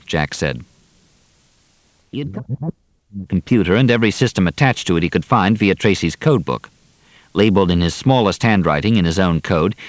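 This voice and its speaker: A man reading a novel aloud as narrator, measured and steady. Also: low-pitched, dry recording. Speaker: audiobook narrator. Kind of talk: scripted narration.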